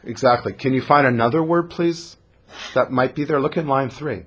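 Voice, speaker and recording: A man teaching a text study class in a lively conversational way, putting questions to the students in the room. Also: mid-range voice, normal speed, a little hiss or hum.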